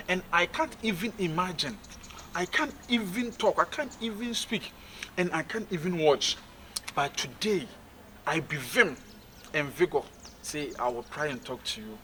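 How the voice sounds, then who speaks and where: A Ghanaian man in a comic sketch, flirting over the top in a fairly high, bouncing voice. His delivery swings up and down with lots of energy. It's recorded outdoors with clear background noise. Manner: exaggerated flirting, animated. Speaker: comedian.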